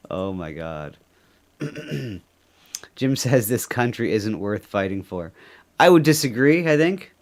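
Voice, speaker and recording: A man's voice: on the low side, sing-song, slow, pauses often, a little mellow. A man from Canada co-hosting a podcast, rambling and joking through casual commentary and laughing often. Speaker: podcast co-host.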